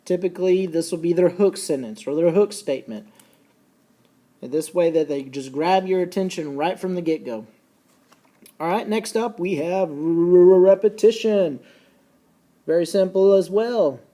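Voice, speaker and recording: A man teaching a recorded lesson, folksy and casual, slowing down and repeating key points so students can take notes. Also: high voice, dark tone. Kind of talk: recorded classroom lecture.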